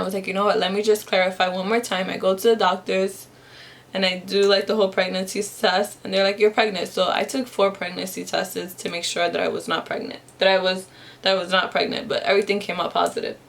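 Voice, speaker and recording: A young woman chats to her camera at home with a gravelly, fry-edged voice. She tells a story while doing her makeup, rambling, circling back and restarting her sentences. Her pitch sits in the ordinary middle for a woman. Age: young adult. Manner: rambling, many fillers and restarts. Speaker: vlogger.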